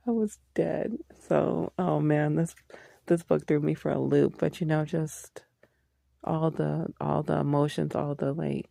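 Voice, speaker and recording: Female book vlogger, excitable and sweary, very fry-heavy mellow tone, dry close sound. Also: low voice, normal speed, no room sound. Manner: excitable, swears a lot, gushing. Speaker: book reviewer. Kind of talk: casual book review vlog.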